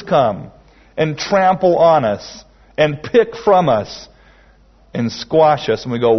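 Slow-preaching man, lo-fi recording. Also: mid-range voice, big pitch swings. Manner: slow, emphatic preaching with dramatic pauses. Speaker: pastor. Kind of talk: sermon. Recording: dull lo-fi sermon recording.

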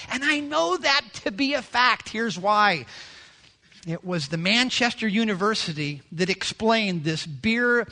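A man, the pastor, preaching a sermon in a lively, joking way, often mimicking people. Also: high voice, a little slow.

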